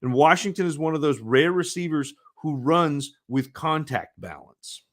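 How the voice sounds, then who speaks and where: A man co-hosting a podcast, reading prepared scouting notes in a measured way. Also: on the high side, animated, a bit bright. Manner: measured, scripted evaluation. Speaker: podcast co-host, draft analyst.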